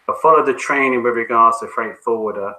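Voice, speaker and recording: A man coaching on a call, answering questions in a relaxed, conversational way with frequent ums and restarts. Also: mid-range voice, fairly quick, low-quality recording. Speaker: business coach.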